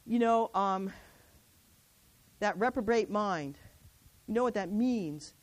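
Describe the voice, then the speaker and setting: A woman's voice: medium pitch, animated, slow. A middle-aged woman preaching a sermon to a women's gathering, exhorting with rhetorical questions and reading scripture aloud. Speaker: women's ministry speaker.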